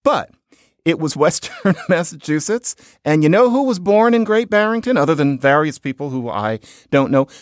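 Chatty wry man with a lively voice. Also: fairly high pitch, no room sound, clean studio sound. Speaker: podcast host, linguist. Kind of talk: casual lecture with audio clips.

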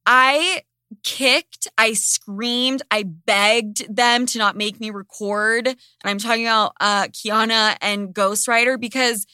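Animated, foul-mouthed woman podcast host. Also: fairly high pitch, slow, clean tone, no room sound, studio quality. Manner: animated, swears freely, dramatic storytelling. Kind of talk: casual storytelling chat.

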